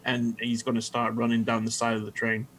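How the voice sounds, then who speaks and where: A man's voice: mid-range voice, monotone, brisk, fairly bright tone, poor audio. A man playing a tabletop game who stammers and repeats words as he describes his character's actions. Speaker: player.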